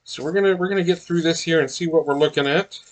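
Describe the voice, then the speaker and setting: A man's voice: on the high side, fast. A man chatting casually as he unboxes miniatures, rambling with many fillers and restarts. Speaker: miniatures collector unboxing blind boxes.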